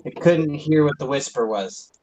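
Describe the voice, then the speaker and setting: A man playing a tabletop game over a video call, making calm, dry remarks. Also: fairly high pitch, normal speed, poor audio. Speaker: player. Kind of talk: casual play on a video call.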